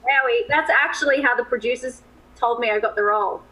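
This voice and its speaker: Bright-voiced chatty actress guest. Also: female voice, a little high, rough recording. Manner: chatty, quick to laugh. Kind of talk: TV interview chat.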